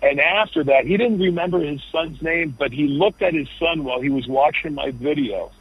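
A man's voice: fairly high pitch, moderate pace, husky, no echo. A man, a comedian guest, telling rambling stories over the phone from an airport. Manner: rambling, full of restarts and storytelling. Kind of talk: phone interview chat. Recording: dull, dry phone line.

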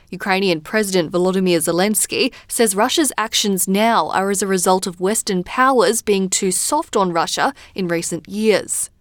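A woman news presenter, reading a scripted bulletin in a measured, even delivery. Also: mid-range voice, no echo, studio quality.

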